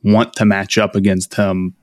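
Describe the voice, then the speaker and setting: Measured low-voiced man in sports chat. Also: level tone, dry recording, clean studio sound.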